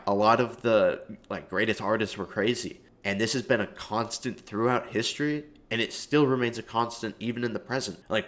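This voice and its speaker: Rambling, profane man with a low voice. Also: a bit bright. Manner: rambling and profane, heavy fillers. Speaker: video commentator. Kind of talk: casual comedic monologue.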